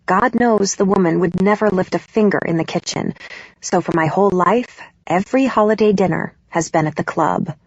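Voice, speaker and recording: A woman reading a novel aloud in the first person, expressive and emotional in the dialogue. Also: mid-range voice, moderate pace, dry recording, dull audio. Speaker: audiobook narrator.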